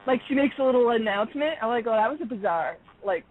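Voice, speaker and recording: A woman caller telling a story in a casual, animated way, acting out the dialogue and laughing often. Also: on the high side, fast talker. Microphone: phone. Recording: tinny phone line.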